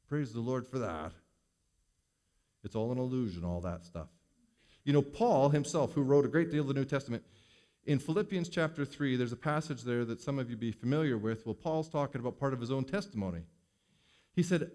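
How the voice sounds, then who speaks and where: A man preaching a sermon as pastor, swinging between loud emphasis and hushed asides. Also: medium pitch, lively intonation, fairly quick.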